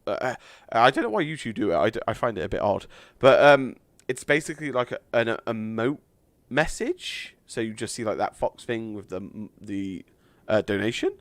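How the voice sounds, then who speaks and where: A man chatting on a live game stream, thanking donors with lots of fillers, a little hoarse from losing his voice. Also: fairly low pitch, expressive, normal speed, dry recording.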